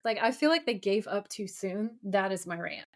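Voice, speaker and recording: Retelling a TV episode on the podcast she co-hosts, a woman talks in an animated, filler-heavy way. Her pitch is medium and her pace moderate, keeping the chat casual.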